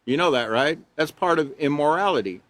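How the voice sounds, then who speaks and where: Man in his 60s, character education instructor, folksy rambling lecture, slightly high voice, dry close sound. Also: expressive, brisk, a bit bright, dry recording. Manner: folksy and rambling, with chuckles and asides; emphatic when stressing rules. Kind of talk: live online class lecture.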